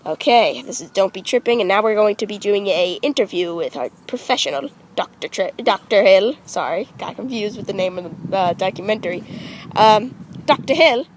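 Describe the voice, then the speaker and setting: A woman's voice: mid-range voice, lively intonation, normal speed, slight background noise, rough recording. A young woman hosting an improvised spoof documentary, playful and mock-formal as she interviews friends outdoors. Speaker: interviewer and host.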